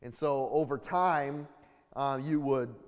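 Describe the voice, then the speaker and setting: A man preaching a sermon with deliberate, measured teaching and frequent restarts. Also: mid-range voice. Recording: long reverb of a large hall.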